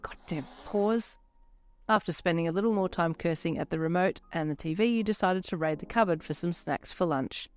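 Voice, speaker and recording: A woman narrating second-person fanfiction in a lively storytelling manner. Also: lowish voice, fairly quick, few pauses. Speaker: fanfiction reader. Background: soft electronic backing music.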